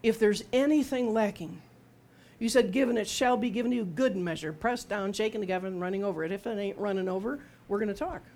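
A woman's voice: mid-range voice, fast, a little mellow. Woman preaching with conversational humor. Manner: conversational, humorous storytelling with acted-out quotes. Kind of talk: sermon.

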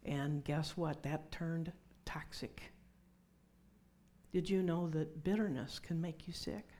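A woman's voice: deep voice, moderate pace, warm tone. A middle-aged woman preaching a conversational sermon with personal testimony, dropping to whispers for emphasis.

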